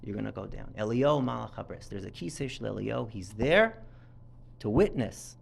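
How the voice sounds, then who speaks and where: A man's voice: on the low side, lively intonation, moderate pace, gravelly, a little hiss or hum. A man giving a sermon-style Torah talk at a synagogue event, telling the story emphatically and acting out the quotes with rising intensity.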